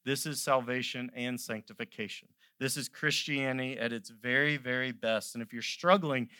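Male pastor, sermon, bright ringing voice, dry close sound, builds from quiet asides to loud fervent peaks. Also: medium pitch, moderate pace, dry recording. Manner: impassioned, swells from quiet to loud; conversational storytelling asides.

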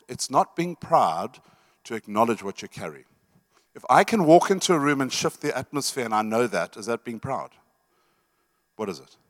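A middle-aged man, a pastor, preaching to a church meeting in an emphatic, conversational way, often repeating words and asking the room questions. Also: medium pitch. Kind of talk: sermon teaching.

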